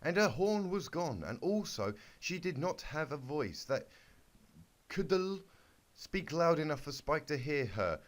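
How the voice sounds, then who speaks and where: A young man reads a clumsy fan story in a mock-serious deadpan, stumbling and restarting as he goes. His delivery is slow, and his pitch swings widely. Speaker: YouTuber reading fanfic aloud. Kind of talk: mock-serious comedic reading.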